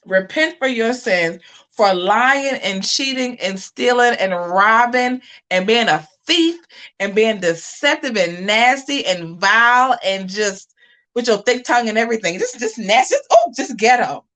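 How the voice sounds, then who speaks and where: A woman's voice: a little high, measured pace. Scolding, preachy woman livestreamer. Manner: preachy, scolding and animated, repeating phrases for emphasis. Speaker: channel host on a livestream. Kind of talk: casual livestream commentary.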